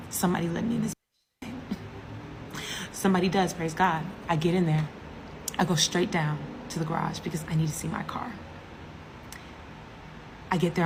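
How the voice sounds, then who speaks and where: A woman from the US East Coast with a fairly low voice, telling a comic story with big drama and asides to the listeners. A faint noise sits under her voice. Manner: animated, dramatic, with asides to the audience. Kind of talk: comedic story time.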